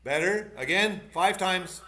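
In an online masterclass, a piano teacher with a fairly high, slightly slow voice coaches a student, speaking animatedly, demonstrating passages, and giving encouraging corrections. The room echoes, with piano playing audible behind him.

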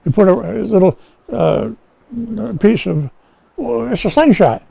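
Guy preaching casual bible study, keeps asking okay?, mellow tone, dry close sound. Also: high-pitched, expressive, a little slow, vocal fry, husky, dry recording, rough recording. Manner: folksy and conversational, asks "okay?" often, many restarts. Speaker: pastor. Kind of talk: informal Bible-teaching sermon. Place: rescue mission chapel.

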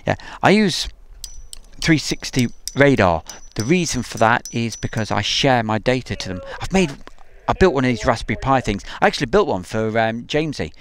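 A man hosting an outdoor live stream by an airfield, chatting casually and reading out viewer comments, joking and pausing with frequent ums. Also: medium pitch, animated, slight background noise. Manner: chatty, jokey, halting with many ums.

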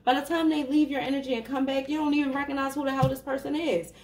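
A woman's voice: high-pitched, flat delivery, fast talker, a little mellow. A woman reading tarot cards for her viewers in a casual, chatty way, laughing often and talking to them directly. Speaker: tarot reader. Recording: echoey room, voice a bit far from the mic.

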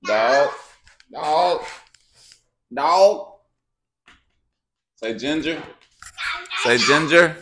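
A man's voice: fairly high pitch, drawn-out words, pauses often. A young man hosting a casual home vlog, playfully coaxing kids and dogs and laughing often. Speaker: vlogger. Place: home kitchen. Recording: noisy home recording.

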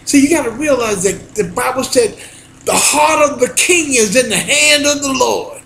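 A man, a minister, preaching in a home video, excitable and folksy, breaking into shouts when he quotes scripture. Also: very high-pitched, moderate pace, vocal fry, a little hiss or hum. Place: alone at home. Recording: roomy echo.

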